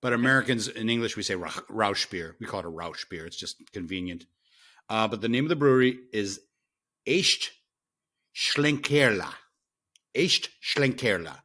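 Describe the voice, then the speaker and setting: A man co-hosting a podcast in casual chat, pausing with fillers and correcting himself as he goes. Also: on the low side, expressive, fairly bright tone. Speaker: podcast co-host.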